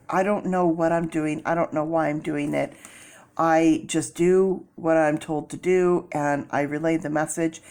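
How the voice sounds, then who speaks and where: A woman's voice: deep voice, fairly even intonation, normal speed, a little mellow. A woman doing a casual tarot reading, chatty and rambling, with many fillers and restarts as she explains her method. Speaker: tarot reader.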